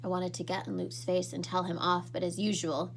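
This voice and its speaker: A woman teacher reading a novel aloud to her students in an expressive storybook manner. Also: lowish voice, a little fast, vocal fry, slight background noise.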